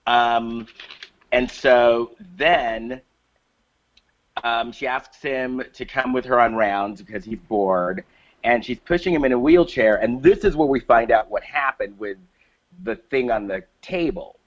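A man's voice: medium pitch, measured pace, highs cut off. A man co-hosting a casual podcast, recapping a movie plot with lots of fillers and restarts. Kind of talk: casual chat.

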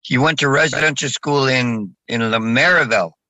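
Bright-voiced man speaking haltingly. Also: medium pitch, no echo, poor audio. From Saskatchewan, Canada. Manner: halting, with many restarts and fillers. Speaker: guest. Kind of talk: casual interview talk.

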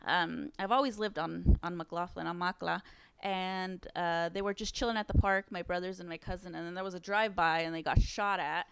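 A woman's voice: lowish voice, steady tone, moderate pace, vocal fry, fairly bright tone, clear, resonant tone. A young woman co-hosting a podcast, telling a personal story in casual chat, candid and full of fillers and swearing. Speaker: podcast co-host.

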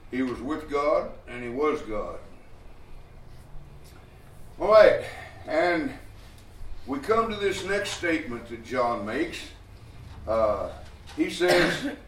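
A man preaching an expository Bible lesson, slow and deliberate, with frequent pauses and fillers. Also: mid-range voice, a little hiss or hum. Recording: echoey room picked up from a distance.

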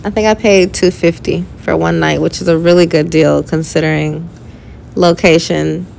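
A woman's voice: on the low side, steady tone, moderate pace, vocal fry, a little mellow, a little hiss or hum. A woman co-hosting a casual travel podcast with her partner, chatty and laughing easily. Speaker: podcast co-host.

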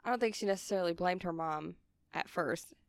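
A woman's voice: fairly low pitch, a little fast, no room sound, clean studio sound. A woman co-hosting a casual podcast chat, telling stories and laughing often. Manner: giggly, storytelling, quotes lines. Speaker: podcast co-host. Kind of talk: casual chat reviewing a movie.

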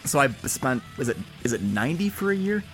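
A man's voice: medium pitch, very animated, brisk, a bit bright, faint music behind. A man co-hosting a casual podcast, telling a rambling self-deprecating story. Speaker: podcast co-host. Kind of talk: casual chat.

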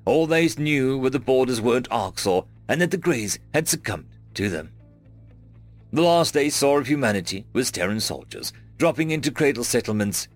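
A man narrating a first-person science fiction story in a measured storytelling manner. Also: mid-range voice, very animated, dry recording. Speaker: audiobook narrator. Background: faint background music.

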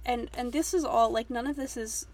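A woman's voice: fairly high pitch, moderate pace, darkish tone. A woman hosting a podcast, giving casual, frank commentary on a book chapter, swearing freely and peppering her talk with "like.". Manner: chatty, frank, swears freely, heavy use of "like". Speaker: podcast host.

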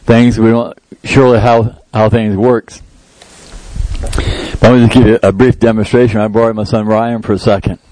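A man's voice: on the low side, little pitch movement, normal speed, mellow, slight background noise, rough recording. Man preaching a conversational sermon. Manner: conversational preaching, rises to emphatic prayer. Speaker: pastor. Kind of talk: sermon with live demonstration.

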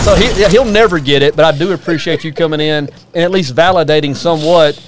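A man's voice: a little high, quick pace, hardly any pauses, background noise. Folksy man hosting sports talk. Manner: folksy, opinionated, joking. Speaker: sports talk show host.

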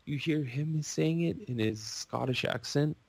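A man on a podcast, rambling and gushing in an excitable casual rant. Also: on the high side, unhurried, creaky, slightly rough, dry recording.

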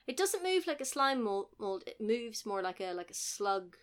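A woman's voice: a little high, sing-song, moderate pace, smooth. Chatty woman, rambling recap. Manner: rambling, laughs often, acts out quotes. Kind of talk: casual chat recapping a film.

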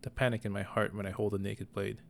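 A man's voice: lowish voice, level tone, quick pace, gravelly, slight background noise. A man voicing an anxious, sulky young brother of a knight who whines and hesitates. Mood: fearful. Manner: whiny, hesitant, fearful.

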